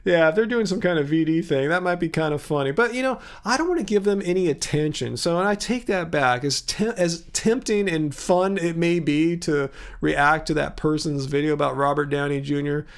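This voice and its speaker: A man's voice: on the high side, normal speed, few pauses, clean tone. A tired man in his fifties hosting a casual livestream, rambling as he answers viewers' comments by name. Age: 50s. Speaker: livestream host.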